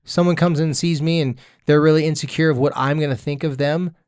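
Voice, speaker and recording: Animated man, therapist podcast host. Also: on the high side, brisk, smooth, no echo, clean studio sound. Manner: animated, jokey, acts out quoted voices. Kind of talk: casual podcast chat.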